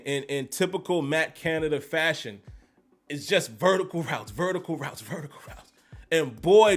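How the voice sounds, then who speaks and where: A man hosting a live-streamed football recap, animated and emphatic, repeating phrases to drive his points home. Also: a little high. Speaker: sports commentary host.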